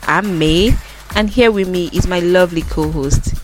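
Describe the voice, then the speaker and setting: A young woman co-hosting a faith podcast, bubbly and earnest and quick to laugh. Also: on the low side, over music. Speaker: podcast co-host. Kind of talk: casual faith podcast chat.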